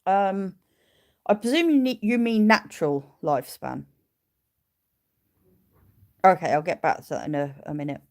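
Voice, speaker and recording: A woman's voice: on the low side, measured pace, long pauses, a little mellow. A woman keeping sheep, chatting casually on a livestream, answering viewer questions and cooing at her animals. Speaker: sheep keeper and livestream host.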